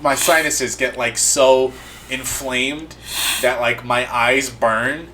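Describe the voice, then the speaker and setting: A man's voice: medium pitch, steady tone, slow, pushed and bright, slight background noise. A man co-hosting a casual podcast chat, joking around and swearing freely. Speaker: podcast co-host.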